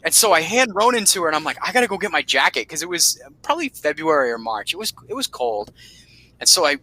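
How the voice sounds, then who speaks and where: A man hosting a podcast, telling a story in a casual, animated way, swearing freely and laughing often. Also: on the high side, fast talker, dry recording, poor audio. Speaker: podcast host.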